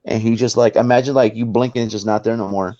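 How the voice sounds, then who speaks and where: A man's voice: lowish voice, quick pace, dry recording, lo-fi sound. A man guest on a talk show tells a personal story in a casual way, acting out the people in it. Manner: animated, acts out the people in his story.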